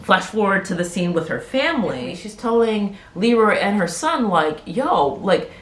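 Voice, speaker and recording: A woman's voice: mid-range voice, moderate pace, roomy sound, a little hiss or hum. A woman chatting casually as she recaps a TV episode, acting out the characters' lines and laughing often. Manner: animated storytelling, acts out quotes, laughs often.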